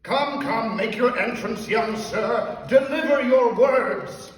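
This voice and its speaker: Brief: a man as a grand, vain American dad with a rich, booming voice, recorded distant in a reverberant hall. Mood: grandly boastful. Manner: theatrical, self-important, slow and grand. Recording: echoey hall, voice heard from afar.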